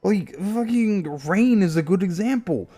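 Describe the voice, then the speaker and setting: A man streamer ranting casually and heatedly with lots of swearing, jumping into high silly voices to mimic people. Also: lively intonation, unhurried, mellow. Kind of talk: casual rant on a live stream.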